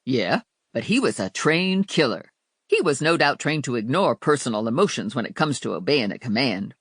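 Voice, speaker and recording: A woman's voice: a bass voice, very animated, normal speed, breathy edge, no echo, clean studio sound, full character voice. A narrator voicing a brassy, outspoken woman sidekick with slangy, sassy talk in an audiobook. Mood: blunt. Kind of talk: audiobook character voice.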